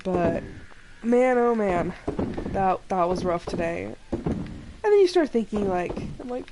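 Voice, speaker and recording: While playing a farming game on a live stream, a young woman chats casually and rambles through a story full of fillers and restarts, sounding emotionally drained. Her voice is medium-pitched with lively intonation, slow, with long pauses. Game music and background noise sit behind her.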